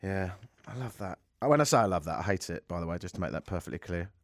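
A man with a deep, animated voice speaks at a quick pace, recorded dry on a studio microphone. Hosting a radio talk show from the studio, he delivers a sarcastic, rambling monologue full of mocking asides.

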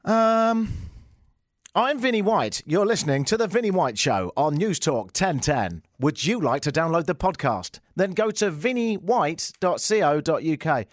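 A man's voice: fairly high pitch, sing-song, measured pace, no room sound, studio quality. A man hosting a radio talk show, telling jokey stories and acting out the other people in them with a raised voice. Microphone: studio microphone.

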